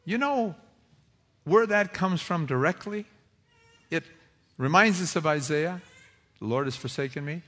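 A man's voice: fairly high pitch, expressive, a little slow, pauses often. Preacher man in a reverberant hall. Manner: rhetorical questions, swinging from hushed to rising fervor. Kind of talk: sermon.

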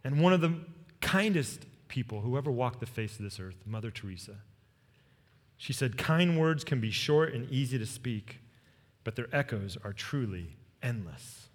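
A man preaching a sermon as pastor, telling a personal story with earnest warmth and leading the congregation in repeated phrases. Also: mid-range voice, big pitch swings, normal speed. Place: church sanctuary. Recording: long reverb of a large hall.

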